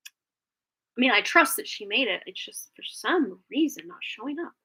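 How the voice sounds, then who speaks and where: Bright-voiced chatty woman. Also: a little high, expressive, moderate pace, a little hiss or hum. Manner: chatty, rambling, laughs often. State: slightly phlegmy after being sick. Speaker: tarot reader on a live stream. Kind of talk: casual live-stream chat.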